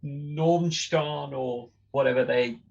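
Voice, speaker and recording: A man guest on a comedy podcast panel, hesitant and hedging, then deadpan. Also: medium pitch, slow pace, gravelly, highs cut off.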